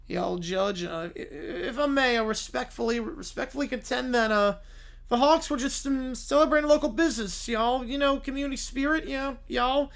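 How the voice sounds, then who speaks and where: Figure: a man playing a meek bumbling lawyer. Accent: put-on Southern drawl. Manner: stammering, soft, full of fillers. Pitch: high. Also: normal speed, vocal fry, exaggerated voice. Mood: flustered. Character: meek bumbling male defense lawyer, apologetic. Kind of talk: comic improvised courtroom role-play.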